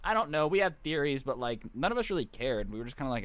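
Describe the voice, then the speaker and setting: A young man streaming, telling a long story in a casual, jokey, rambling way, often slipping into quick voices for his friends. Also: medium pitch, big pitch swings, a bit bright.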